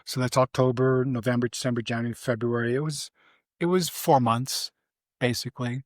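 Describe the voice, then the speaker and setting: An older man from Vermont reminisces about his life in a relaxed interview, talking steadily and a bit quickly in a mid-range voice, rambling with fillers and false starts. At one point he briefly imitates his mother in a high voice. The recording is dry and close-miked.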